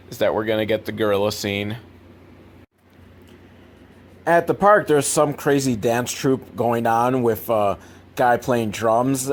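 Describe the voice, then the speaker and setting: Exasperated, profane man recapping a bad movie. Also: medium pitch. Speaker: comedic movie reviewer. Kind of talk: comedic recap commentary.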